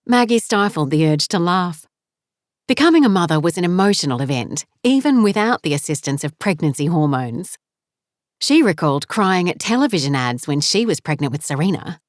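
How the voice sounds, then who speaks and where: Lady reading an audiobook, calm and unhurried, low-ish voice, no room sound. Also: no echo, studio quality. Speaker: audiobook narrator. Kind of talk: scripted narration.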